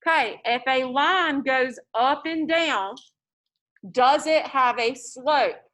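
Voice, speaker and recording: Lady math teacher in a classroom, bright voice, cracking jokes n telling stories. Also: high voice, slow pace. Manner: lively, joking, tells stories to the class.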